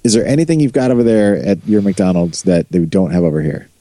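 A man's voice: deep voice, quick pace, no room sound. An American man co-hosting a podcast, joking around and asking questions in a casual chat. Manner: animated, joking, asks lots of questions. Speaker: podcast co-host.

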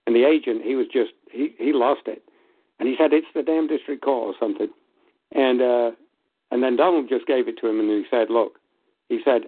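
Brief: male caller, mid-pitched voice, chatty storyteller, phone-line sound. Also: brisk. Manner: storytelling, quotes people, laughs between lines. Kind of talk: telling a story on a call-in show.

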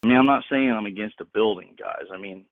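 Low-voiced guy preaching on a phone call, slangy and emphatic, dry tinny sound. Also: fast, no room sound. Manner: emphatic, slangy, repeats for stress. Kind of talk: informal preaching.

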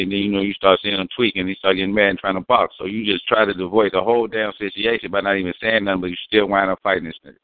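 A man's voice: low-pitched, fairly even intonation, fast, no room sound. A man in casual, profane, rambling talk, explaining slang terms and acting out quotes. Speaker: guest. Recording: dry, phone-like sound.

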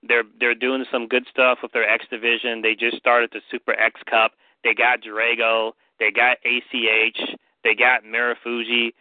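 A man co-hosts a podcast, rambling on in an animated way and swearing along the way. His pitch is middling. The sound is dry and narrow, with no room and a phone-like tinniness. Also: normal speed, no room sound. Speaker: podcast co-host. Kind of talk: casual chat. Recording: dry, tinny phone-like line.

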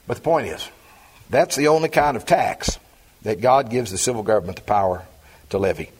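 A middle-aged male pastor preaching a sermon, reading scripture aloud and then expounding it with slow, emphatic stresses. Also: fairly low pitch, animated, slightly rough.

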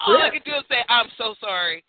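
Animated woman on a tinny phone line. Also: fairly high pitch, fast talker. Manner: animated, emphatic storytelling. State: has a cold. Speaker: poet and radio show guest. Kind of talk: casual chat.

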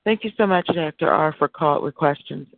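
A man hosting a call-in talk show, speaking haltingly with many fillers, over a tinny phone line. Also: a little high, creaky, dry recording. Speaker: host.

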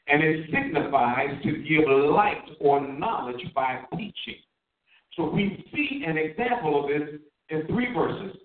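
A man's voice: on the high side, roomy sound, recorded from a distance, narrow, tinny audio. A man preaching a sermon, drawing out his key words and asking his listeners questions. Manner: emphatic, drawn-out stresses on key words.

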